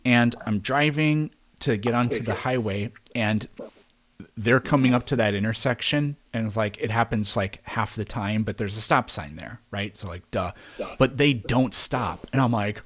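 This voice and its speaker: A man tells a rambling anecdote in loose podcast chat, cursing freely as he goes. His voice sits at an ordinary middle pitch, and he jumps up high whenever he mimics someone else. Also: moderate pace. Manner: rambling, swears freely, acts out quoted people in raised voices. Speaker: podcast co-host. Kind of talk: casual storytelling chat.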